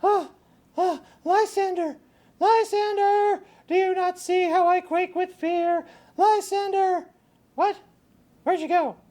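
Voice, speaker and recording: A woman's voice: very high-pitched, fairly even intonation, slow pace, warm tone. A woman playing a modest young woman in love, prim and firm, in an amateur Shakespeare reading. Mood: frantic. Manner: prim, then frantic.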